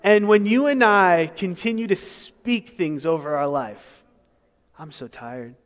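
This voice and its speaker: Male pastor, higher register, emphatic sermon delivery with rhetorical asides; long reverb of a large hall. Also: lively intonation, a little slow. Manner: emphatic, rhetorical questions, swings between soft and loud.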